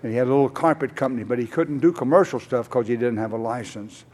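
A man's voice: mid-range voice, quick pace, a little mellow. An older man speaking at a conference, telling a rambling, folksy personal testimony full of "uh"s and acted-out conversations. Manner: rambling, folksy, many "uh"s, acts out both sides of conversations. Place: conference hall.

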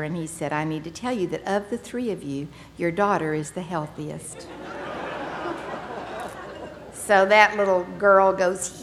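A woman's voice: on the low side, a little hiss or hum. An older woman giving a candid personal testimony, telling her story with wry humor and acting out the people in it. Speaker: speaker sharing her recovery story.

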